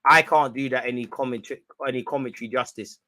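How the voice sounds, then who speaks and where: The recording is very noisy as a man with a medium-pitched, steady voice talks fast through a live football watch-along. His chat is slangy banter punctuated by laughter and loud reactions to goals and chances on the pitch.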